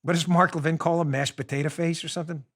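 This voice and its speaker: A man hosting a political talk show, emphatic and sarcastic, with rapid asides. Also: fairly high pitch, steady tone, fairly bright tone. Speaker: host.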